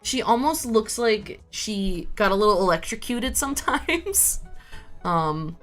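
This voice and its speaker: A woman streamer rambles to her chat in an unhurried, easygoing way, her pitch rising and falling a lot as she talks. Soft game music plays faintly behind her voice. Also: animated. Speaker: livestreamer. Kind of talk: casual chat while gaming.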